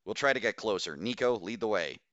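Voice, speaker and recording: A decisive female expedition commander snaps out short, urgent orders, as a man reads her in an audiobook. The voice stays low and forceful. The recording is dry and close. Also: expressive, brisk, dry recording, highs cut off. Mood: commanding.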